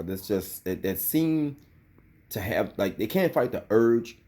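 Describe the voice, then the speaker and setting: A man's voice: on the low side, darkish tone. A man in his thirties giving a loose, heated and profane commentary rant, full of filler. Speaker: vlogger.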